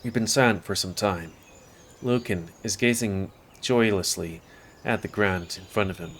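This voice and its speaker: A man's voice: on the low side, normal speed, a bit bright, a little hiss or hum. A man casually reading a visual novel aloud in first person, with offhand asides. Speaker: game streamer.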